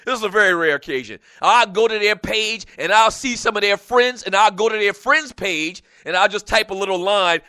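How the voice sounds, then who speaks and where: A middle-aged man hosting a sports talk radio show, venting in an animated way and laughing often. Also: high-pitched, fairly quick, few pauses, smooth, no room sound.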